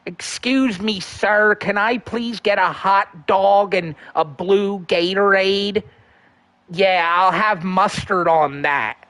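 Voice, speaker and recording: A man doing an impression of a dazed, spacey adult man who talks in a slow drawl. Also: high-pitched, pushed and bright, heavily acted.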